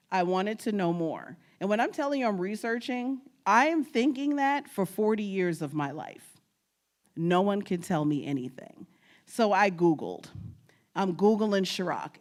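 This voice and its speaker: Lively storytelling woman from New York. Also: medium pitch. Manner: lively storyteller, laughs often, talks straight to the audience. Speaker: guest speaker on genealogy. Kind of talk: humorous conference talk.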